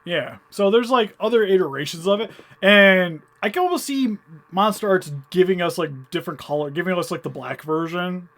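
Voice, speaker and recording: A man's voice: sits high, lively intonation, normal speed, a bit bright. A young man co-hosting a casual toy review, talking enthusiastically and rambling with lots of fillers. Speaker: co-host reviewing toy figures.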